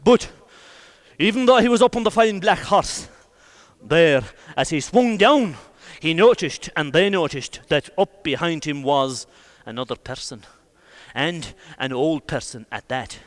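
An Irish man spins a traditional folk tale in a colloquial, lively voice that sits high for a man. He swings from loud, vivid bursts down to hushed asides. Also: unhurried. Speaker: storyteller. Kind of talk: traditional oral folk storytelling.

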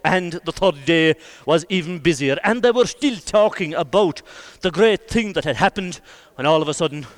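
An Irish man telling a traditional folk tale, his colloquial delivery swinging between loud bursts and hushed asides. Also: fairly high pitch, expressive, moderate pace. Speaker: storyteller. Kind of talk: traditional oral folk storytelling.

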